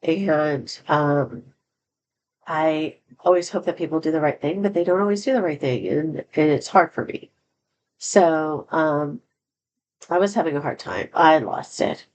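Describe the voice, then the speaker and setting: A woman's voice: sits low, a little slow, a little mellow, slight background noise, low-quality recording. A woman telling a personal story in a candid, rambling way, with many fillers and restarts. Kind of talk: casual storytelling monologue.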